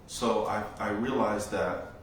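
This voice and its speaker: Male monk teacher, calm unhurried storytelling sermon, recorded far from the mic in a boomy room with faint noise. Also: heavy reverb. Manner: slow, reflective storytelling with long pauses. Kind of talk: dharma talk.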